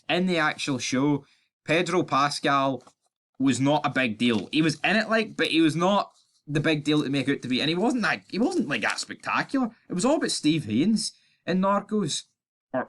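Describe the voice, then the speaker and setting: A man's voice: a little high, a bit bright. A young man with a Scottish accent hosts his own channel, ranting his opinions in a blunt, sarcastic, sweary way and often stumbling over his words. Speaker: YouTube channel host.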